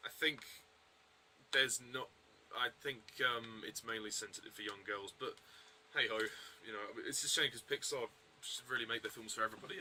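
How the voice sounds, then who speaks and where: A man talks through a film review in a loose, unscripted way, stumbling over restarts and filler words. His voice is strikingly bright and edgy at a middling pitch. A faint hiss sits behind him. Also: low-quality recording. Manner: rambling, hesitant, many fillers and restarts. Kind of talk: casual video review.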